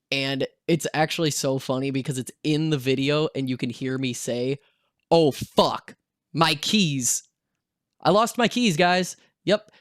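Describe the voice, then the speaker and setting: A young man telling a story in a casual, animated vlog style, swearing freely and acting out the voices of the people in it. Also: mid-range voice, clean tone, no echo, clean studio sound. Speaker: vlogger.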